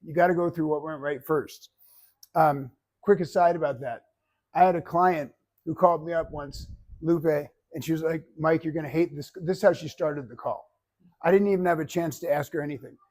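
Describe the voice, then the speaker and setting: A man coaching a public speaking class, giving feedback and telling stories in an animated way that acts out other people's voices. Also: fairly high pitch, moderate pace.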